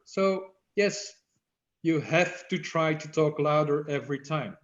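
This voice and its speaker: A man's voice: a little high, measured pace. A man giving an online workshop for badminton umpires, explaining and demonstrating how to use the voice. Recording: echoey, dull lo-fi audio.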